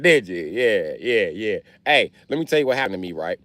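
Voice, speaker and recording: A man's voice: fairly low pitch, very animated, a little fast, a bit bright, dry recording. A young man live-streaming, chatting casually and profanely with his viewers in a loose, rambling way. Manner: rambling, profane, talks straight to chat. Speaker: livestreamer.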